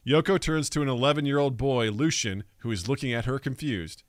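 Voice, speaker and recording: A man's voice: medium pitch, brisk, few pauses, dry recording, clean studio sound. A man co-hosting a comedy podcast, narrating an anime parody with sarcastic asides and rambling jokes.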